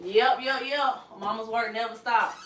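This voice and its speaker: Southern woman with a Georgia drawl, slightly high voice, relaxed chatty mom-vlogger, echoey kitchen, faint hiss. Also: a little slow. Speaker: vlogger and mother. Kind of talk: casual live-stream chat with viewers. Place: kitchen at home. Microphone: phone on a tripod.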